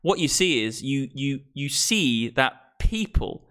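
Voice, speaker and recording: Guy ranting on his stream, swears a lot, smooth clear voice, right up on the mic. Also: mid-range voice, lively intonation, slow, fairly bright tone. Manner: profane, fired-up political rant. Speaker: crypto livestream host. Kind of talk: ranting livestream monologue. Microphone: streaming microphone.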